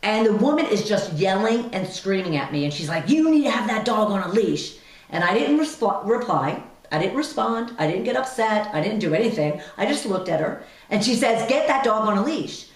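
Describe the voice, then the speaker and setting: A woman host talks through a personal story in a loose, chatty way, full of asides. Her voice sits on the low side. The recording has a roomy echo. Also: far from the mic. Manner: chatty, lots of fillers and asides. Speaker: radio show host. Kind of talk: casual storytelling monologue. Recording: echoey room, voice off-mic.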